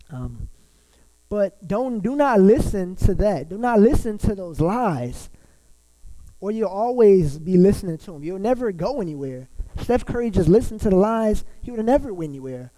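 A man's voice: sits high, expressive, moderate pace, warm tone, rough recording. A male pastor preaching a sermon in a loose, conversational way, full of fillers and restarts.

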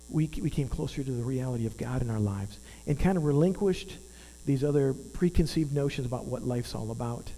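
A man's voice: mid-range voice, expressive, fairly quick, dark tone. A man, preaching a sermon in an earnest, conversational way and asking the congregation questions. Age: 50s. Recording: long hall reverb with mains hum.

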